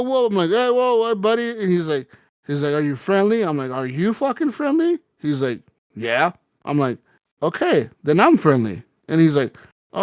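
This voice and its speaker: A male co-host on a gaming podcast rambles through a profane story in casual conversation, acting out quotes with sudden jumps in pitch. The sound is studio quality with no room sound.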